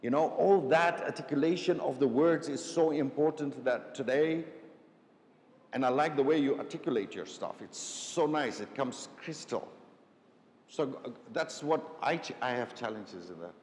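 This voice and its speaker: A man's voice: normal speed, darkish tone. A man leading a live public speaking workshop, asking the audience questions and often checking in with "right?". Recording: echoey hall with faint rumble.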